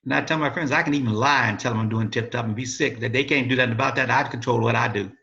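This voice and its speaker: Older man, gravelly and bright-toned, rambling storyteller, dull lo-fi recording. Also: medium pitch, steady tone, fast. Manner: rambling, self-correcting storyteller. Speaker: interview guest, father of host. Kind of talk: casual storytelling interview.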